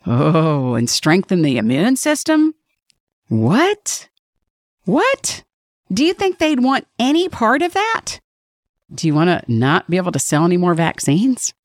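A woman's voice: lowish voice, dry recording, clean studio sound. Blunt, sarcastic swearing woman podcaster. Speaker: podcast host. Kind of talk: casual opinionated commentary.

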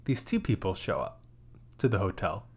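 A man co-hosting a casual movie review podcast, retelling scenes in an animated way and acting out quotes. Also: low-pitched, normal speed, slightly rough. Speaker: podcast co-host.

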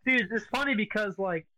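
A man's voice: high-pitched, unhurried, pushed and bright, poor audio. A man joining a casual podcast chat, joking with friends.

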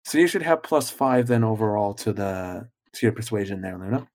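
A man narrating as game master, relaxed, with a lot of filler words. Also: fairly low pitch, fairly quick.

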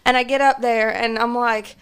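A young woman co-hosting a podcast, telling a story in an animated, slightly tipsy way. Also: a little high, moderate pace, clear, resonant tone. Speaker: podcast co-host. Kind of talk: casual storytelling chat.

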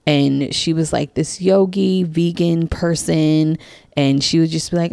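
A woman with a low voice tells a personal story in a casual, chatty monologue. She slips into lively voices for the people she quotes and keeps saying "like". The sound is dry and close. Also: moderate pace, no echo. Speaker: life coach and psychic reader.

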